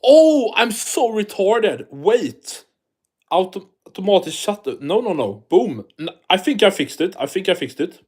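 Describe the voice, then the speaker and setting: Man, fairly high voice, casual live-stream host, chatty, swears a lot. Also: sing-song, moderate pace, husky. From Sweden. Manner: chatty, reads chat aloud, swears freely.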